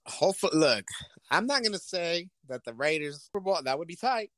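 A man in casual sports banter, his pitch sitting a bit high and leaping all over as he acts out imagined exchanges in different voices. His voice is close and dry, with no room sound, and his talk is loose and full of swearing. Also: brisk, no room sound. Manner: profane, animated, acts out imagined dialogue. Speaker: podcast co-host.

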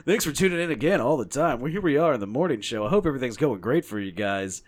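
A man's voice: mid-range voice, animated, fast talker, pitched above the performer's own voice, lightly acted. A man putting on the voice of a cheesy, overeager male radio DJ with hyped announcer patter.

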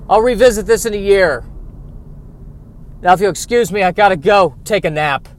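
A man hosting a solo comedy podcast from his car, wry and self-deprecating, breaking into loud exasperated rants. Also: high-pitched, normal speed, long pauses. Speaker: podcast host. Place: in a car while driving and parking.

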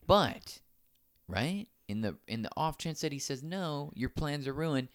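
A man's voice: on the high side, measured pace, dry recording, studio quality. A man co-hosting a casual podcast, swearing freely and acting out the people in his stories with sudden jumps in voice. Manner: profane, animated storytelling with mimicked voices. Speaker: podcast co-host. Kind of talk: casual chat.

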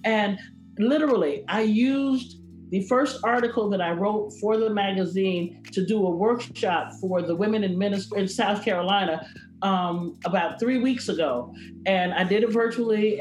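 Animated woman in an echoey room. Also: mid-range voice, normal speed, faint music behind. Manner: animated, acts out her own quoted reactions. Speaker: minister and magazine writer. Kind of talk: enthusiastic testimonial.

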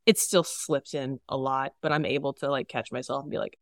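Woman, low voice, dry close sound, lively podcast guest who laughs a lot. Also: a little fast, hardly any pauses, no echo. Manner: animated, laughs often, acts out her own inner voice. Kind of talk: casual conversation.

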